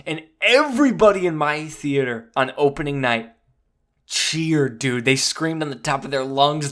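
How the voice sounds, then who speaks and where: A young man hosting a podcast, talking excitedly and casually about a film, swearing freely and acting out the quoted lines. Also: fairly high pitch. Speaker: podcast host. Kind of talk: excited casual movie review monologue.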